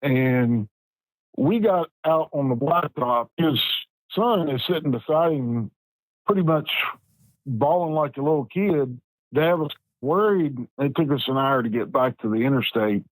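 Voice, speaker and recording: A man, telling a personal story in a plainspoken, folksy way with halting pauses. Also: medium pitch, expressive, no echo, rough recording. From West Virginia. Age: 50s. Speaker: Bigfoot researcher guest.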